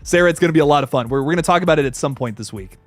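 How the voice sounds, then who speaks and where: Excitable, high-voiced male streamer. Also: racing, no echo, faint music behind. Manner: excitable and swearing, with frequent laughs. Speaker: horror movie channel host. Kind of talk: casual livestream chat reading super chats.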